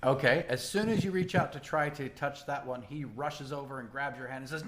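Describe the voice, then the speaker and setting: A man's voice: mid-range voice, brisk, hardly any pauses, fairly bright tone. A man running a tabletop role-playing game as game master, narrating expressively.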